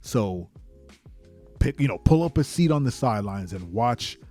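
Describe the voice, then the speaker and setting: A man voicing an arrogant male wrestling champion who delivers low, measured threats. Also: lively intonation, warm tone, soft background music, lightly acted.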